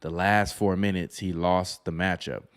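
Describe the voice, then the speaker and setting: A man with a raspy voice hosting a live basketball podcast, breaking down matchups in casual talk. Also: low voice, fairly even intonation, unhurried. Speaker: podcast host.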